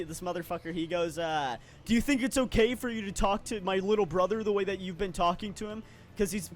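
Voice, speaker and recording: Profane, rambling young man telling a story. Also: fairly high pitch. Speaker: podcast co-host. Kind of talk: casual storytelling chat.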